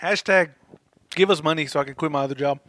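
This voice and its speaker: A man's voice: a little high, fast, a bit bright. A man co-hosting a podcast, bantering and joking while he reviews a film. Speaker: podcast co-host. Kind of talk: casual movie review chat.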